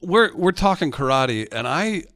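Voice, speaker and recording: A man's voice: on the high side, sing-song, a little slow, fairly bright tone. A man joining a comedic casual chat, joking at his own expense. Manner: self-deprecating joking.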